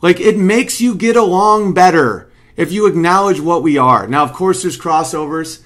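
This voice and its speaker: A man's voice: high voice, moderate pace, a bit bright. A man at home casually talking through why his stand-up joke works, rambling and analytical. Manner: rambling, analytical, picks up intensity when making his point. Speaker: comedian explaining his own bit. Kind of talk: casual commentary.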